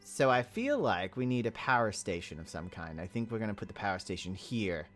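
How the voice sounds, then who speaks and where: A man's voice: fairly low pitch, sing-song, brisk, a bit bright, faint music behind. A man giving casual gameplay commentary as a roleplay server player, rambling and often stammering and repeating words.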